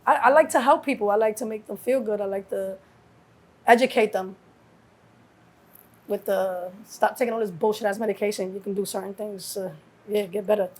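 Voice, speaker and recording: A middle-aged woman from New York, a guest telling stories in a casual interview, acting out quotes with lively swearing. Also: medium pitch, a little fast, long pauses. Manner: animated storyteller acting out quotes, heavy cursing. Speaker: guest, mother of a rapper.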